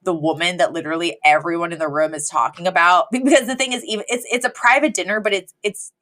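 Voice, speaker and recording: A woman co-hosting a podcast, recapping a TV episode in lively casual chat. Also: lowish voice, quick pace. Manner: animated storytelling, acts out character quotes. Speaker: podcast co-host.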